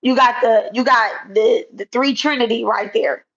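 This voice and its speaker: Woman, slightly high voice, blunt and confrontational callout vlog, dull lo-fi audio. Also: measured pace, a bit bright. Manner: blunt, confrontational, repetitive, casual profanity. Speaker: spiritual content creator. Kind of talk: direct-to-camera callout vlog. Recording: dull lo-fi sound.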